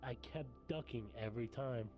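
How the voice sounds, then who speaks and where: A man's voice: medium pitch, moderate pace, warm tone, soft background music. A man chatting in character during an online roleplay session, casual and laughing often, with plenty of swearing. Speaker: roleplay streamer.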